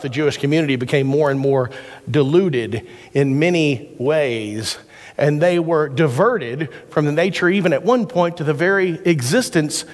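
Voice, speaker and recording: A man pastor giving a sermon, mixing scripture with folksy stories and jokes. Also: fairly high pitch. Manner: folksy storytelling with quick jokes. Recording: church hall reverb.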